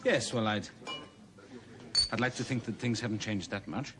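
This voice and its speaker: A man's voice: lowish voice, normal speed, over music, lightly acted. A man playing a reserved English former junior minister, hesitant and self-deprecating.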